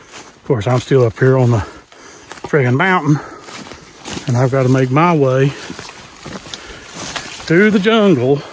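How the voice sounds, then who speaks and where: A man's voice: mid-range voice, a little hiss or hum. A man hosting an outdoor vlog, talking earnestly into a handheld cell phone while hiking a wooded mountain. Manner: earnest, talks while hiking, repeats safety advice. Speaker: channel host.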